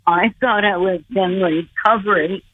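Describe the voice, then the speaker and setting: An older woman guest telling a personal story slowly and earnestly over the phone. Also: mid-range voice, fairly even intonation, breathy edge, no echo. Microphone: telephone. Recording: tinny phone line.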